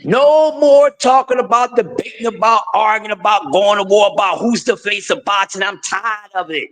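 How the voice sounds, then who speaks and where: Man stream host, high forceful voice, playful ranting rhythm, reverberant room sound. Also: steady tone, normal speed. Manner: playful, ranting, teasing, repetitive. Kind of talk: animated live-stream boxing talk.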